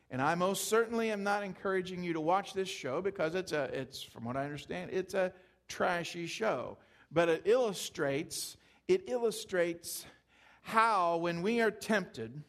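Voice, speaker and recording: A man's voice: sits high, a bit bright. A man preaching a sermon, telling stories conversationally and building emphasis as he goes. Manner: conversational storytelling, rising emphasis. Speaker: pastor.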